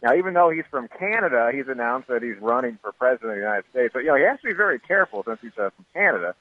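A male correspondent calling into a radio show to deliver a quick comic news segment. He talks fast, with deadpan punchlines, and his voice comes through a thin, tinny phone line. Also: mid-range voice, dry recording. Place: airport, on a phone.

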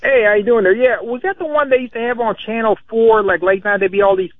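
A man's voice: high voice, fast, dry recording. A man phoning in to a radio show, hesitant and full of filler words. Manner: hesitant, many uhs. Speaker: phone-in caller. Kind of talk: casual call-in chat. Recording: muffled phone line with faint hiss.

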